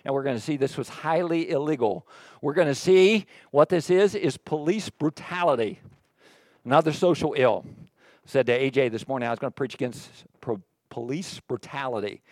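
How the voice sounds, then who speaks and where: A man preaching a sermon in a church, animated and jokey, swinging from quiet asides to loud emphatic reading. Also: medium pitch, moderate pace, dry recording. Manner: jokey, sarcastic asides to the congregation. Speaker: pastor.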